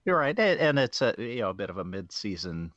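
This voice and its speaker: A man's voice: lowish voice, big pitch swings, fairly quick, a bit bright, dry recording, dull audio. A man co-hosting a fan podcast, mostly chiming in with short agreeing replies. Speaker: podcast co-host. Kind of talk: casual podcast chat.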